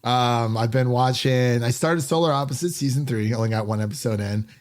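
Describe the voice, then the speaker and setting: A man's voice: medium pitch, brisk. A man hosting a film podcast in a casual, upbeat and chatty manner. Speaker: podcast host.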